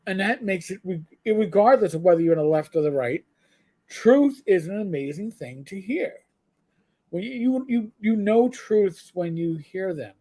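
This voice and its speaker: A man's voice: sits high, expressive, moderate pace, dark tone. A middle-aged man co-hosting a live show, chatting casually in a rambling way, full of stammered restarts. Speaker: co-host.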